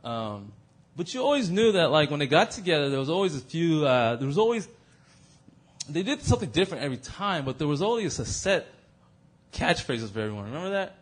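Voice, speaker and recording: Young male youth teacher, lively swooping delivery, slightly high voice, playful. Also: fairly quick. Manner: animated, joking, breaks into sung and mimicked bits. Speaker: youth bible study leader.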